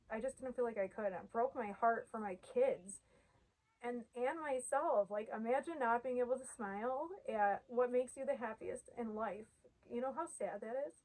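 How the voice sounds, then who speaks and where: Sharing her denture journey on camera, a woman in her thirties gets emotional, at times tearful, as she talks earnestly and from the heart, often using "like." Her voice is a little high with a darkish tone, and the recording is rough.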